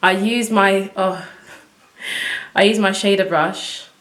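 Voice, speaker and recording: A woman chatting to viewers as she works through a casual makeup tutorial at home, excitable and talking as she goes. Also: mid-range voice, takes it slowly. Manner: chatty, excitable, talks to viewers while working. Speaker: beauty vlogger. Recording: echoey room.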